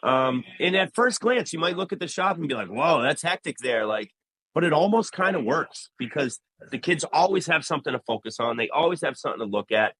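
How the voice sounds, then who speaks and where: A man's voice: on the high side, a little fast, husky, no room sound, low-quality recording. A man who owns a barbershop, talking casually in an interview and acting out conversations with clients as he tells stories. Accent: New England. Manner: animated storyteller, acts out quoted dialogue. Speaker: barbershop owner, guest.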